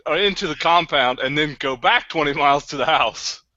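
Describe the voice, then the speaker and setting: A man's voice: on the high side, brisk, bright, forceful tone, no echo. A man co-hosting a podcast, telling rowdy stories with laughs and swearing, voicing the people he quotes. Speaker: podcast co-host. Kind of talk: casual drunk storytelling chat. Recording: muffled lo-fi podcast mic.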